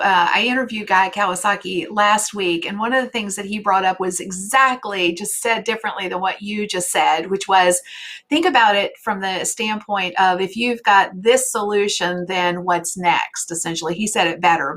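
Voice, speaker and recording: A woman hosting a casual interview, chatty and given to asides, often trailing off softly at the end of a thought. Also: medium pitch, normal speed. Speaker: host.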